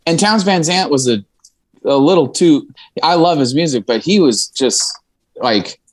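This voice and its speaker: The Indiana musician guest talks unhurriedly in a slightly high voice with lively intonation and no room sound. He tells his stories candidly, emotional, frank and at times profane, laughing in asides.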